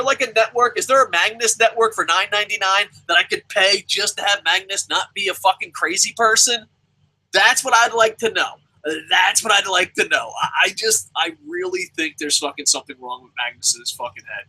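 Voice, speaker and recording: Young guy ranting about wrestling, swears nonstop, husky voice that swings all over the place. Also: high voice, pushed and bright, low-quality recording. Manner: swears constantly, rants, mimics people mockingly. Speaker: wrestling show reviewer. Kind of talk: profane ranting review.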